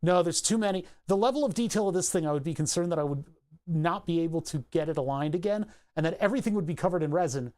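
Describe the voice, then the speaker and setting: Philly guy rambling on his stream, chatty, kinda high voice. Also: quick pace, a little mellow. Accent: Philadelphia. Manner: rambling, chatty, laughs easily. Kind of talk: casual livestream chat.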